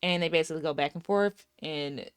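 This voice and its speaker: A woman's voice: sits low, fairly quick, smooth. A woman in her thirties recapping and reviewing a film in a casual, sassy way, talking straight to her viewers. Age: 30s. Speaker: movie reviewer.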